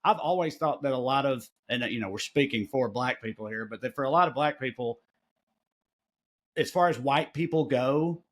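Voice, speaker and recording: A middle-aged man with a Southern US accent, a comedian hosting a podcast, talking in a loose, profane, rambling way. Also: mid-range voice. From American South. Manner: rambling, profane, quick asides. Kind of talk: casual podcast chat.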